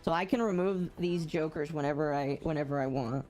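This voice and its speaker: A woman's voice: low-pitched, a little fast, darkish tone. A woman streaming a game and chatting casually, reading and answering chat with playful puns.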